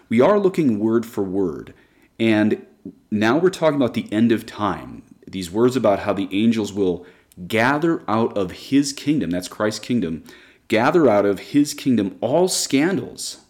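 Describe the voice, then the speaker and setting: A man teaching a Catholic Bible study, explaining word meanings with enthusiasm and slowing down to spell out Greek terms. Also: on the low side, darkish tone.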